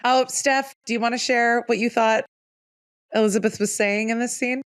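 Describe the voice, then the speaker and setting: A woman guest on a casual film podcast, agreeable and playful, full of quick agreements. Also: fairly high pitch, steady tone, clean tone.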